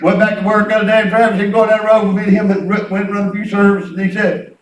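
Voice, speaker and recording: A middle-aged male pastor preaching in a folksy, repetitive way, his voice pitched very high for a man. He sounds distant from the mic in an echoey room. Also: little pitch movement, racing. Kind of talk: sermon.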